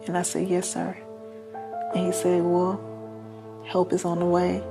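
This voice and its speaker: A woman with a low, gravelly voice tells her story as an interview guest, speaking earnestly and acting out the voices of the people in it. Music plays clearly in the background. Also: completely flat delivery, a little slow. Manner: earnest, acts out quoted dialogue.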